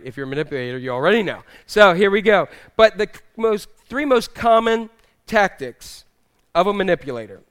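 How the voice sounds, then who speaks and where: A man delivering a sermon in a relaxed, humorous way, often teasing the congregation. His voice sits fairly high for a man. The tone is smooth and clear. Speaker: pastor.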